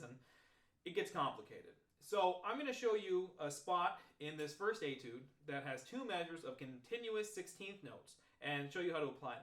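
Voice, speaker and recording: A man teaching trombone practice techniques, talking step by step through examples in a relaxed, explanatory way. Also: a little high. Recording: roomy echo.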